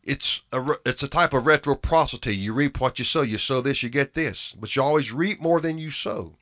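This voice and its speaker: A man preaching a sermon with emphasis, repeating key phrases and dropping from loud to hushed. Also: medium pitch, brisk, no room sound, studio quality.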